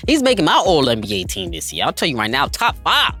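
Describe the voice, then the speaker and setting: A man's voice: medium pitch, huge pitch swings, fast talker, bright, forceful tone, breathy edge, soft background music. Hyped male basketball podcast host. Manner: hyped, emphatic, addresses listeners as family. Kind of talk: enthusiastic basketball commentary.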